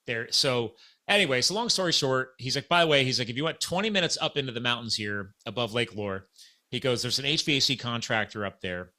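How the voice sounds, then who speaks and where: A man's voice: medium pitch, brisk. A middle-aged man hosting a podcast, telling a story in casual chat and acting out the quoted dialogue. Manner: animated, acts out quoted dialogue. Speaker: podcast host.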